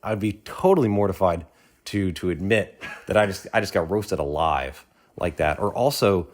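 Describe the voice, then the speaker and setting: A man's voice: deep voice, moderate pace. A man in the audience speaking earnestly and at length, rambling with many restarts and fillers. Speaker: audience member. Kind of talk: earnest spoken testimony.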